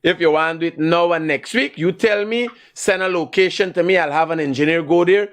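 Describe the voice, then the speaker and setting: A man's voice: on the high side, brisk. A middle-aged man with a Guyanese accent hosting a live call-in show, talking bluntly and growing heated as he scolds a caller. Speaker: host taking calls.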